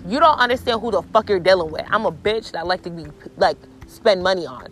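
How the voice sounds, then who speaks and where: A woman's voice: lowish voice, a little fast, a little hiss or hum. A woman vlogger casually telling a story to her viewers, blunt and profane, acting out both sides of the exchanges. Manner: animated, acts out both sides of conversations.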